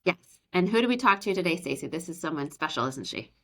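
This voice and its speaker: A woman's voice: deep voice, very animated, fast talker, fairly bright tone. A woman co-hosting a podcast, speaking in a friendly, enthusiastic way. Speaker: podcast co-host.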